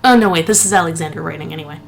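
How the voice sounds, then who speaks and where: A woman co-hosting a let's play, chatting casually and reading in-game notes aloud in a slow, solemn voice. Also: sits low, vocal fry, a little hiss or hum. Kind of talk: casual gameplay chat and read-aloud.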